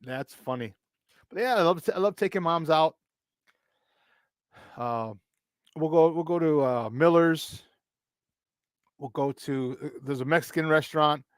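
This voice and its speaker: A man hosting morning sports talk, speaking in a slightly high voice with animated, laugh-filled storytelling. The sound is close and dry, as if from a studio mic. He chats in a loose, easy way. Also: a little slow, long pauses, clear, resonant tone, no room sound. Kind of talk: casual radio chat.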